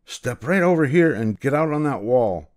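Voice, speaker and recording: A man voicing a petulant, hot-tempered young grand duke in a storybook reading, with a shrill and pushy delivery. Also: lively intonation, fairly quick, a little mellow. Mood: furious.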